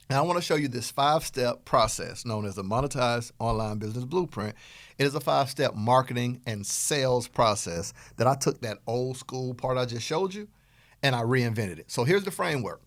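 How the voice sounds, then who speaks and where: A middle-aged man with a Southern US accent, hosting a podcast and giving an energetic motivational business talk in a playful, animated way. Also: mid-range voice, normal speed, no room sound. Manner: animated, playful, acts out dialogue in quotes. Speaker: podcast host and business coach.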